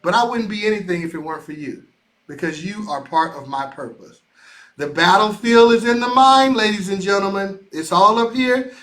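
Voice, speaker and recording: A man hosting a motivational video call, leading listeners through affirmations in an energetic, preacher-like way, often repeating and shouting lines. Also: high-pitched, normal speed. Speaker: association CEO hosting a weekly motivational show. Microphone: live video call.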